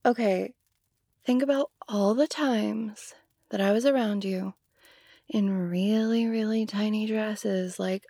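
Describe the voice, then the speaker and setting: A woman's voice: mid-range voice, steady tone, takes it slowly, warm tone, no room sound. A young woman performing an audio role-play to the listener, talking casually and giggly, with lots of "like".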